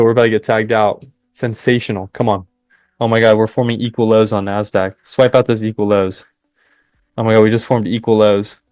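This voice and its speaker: A young man hosting a live trading stream, chatting with viewers and cheering the market on in excited bursts. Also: lowish voice, clean tone, dry recording, clean studio sound. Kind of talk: live trading commentary with chat.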